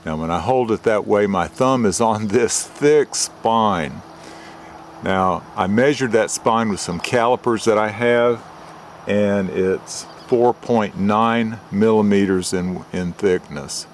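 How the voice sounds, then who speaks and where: Older man, low pitch, methodical hobbyist reviewer, outdoor camera-mic audio. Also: slight background noise. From United States. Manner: plain, methodical, explains details slowly. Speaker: retired forester reviewing knives. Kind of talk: show-and-tell knife review.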